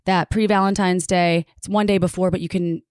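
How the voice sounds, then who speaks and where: A woman's voice: fairly low pitch, steady tone, fairly quick, a little mellow, clear, resonant tone, dry recording, studio quality. A woman co-hosting a podcast, chatting casually and enthusiastically while promoting events and products. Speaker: podcast co-host.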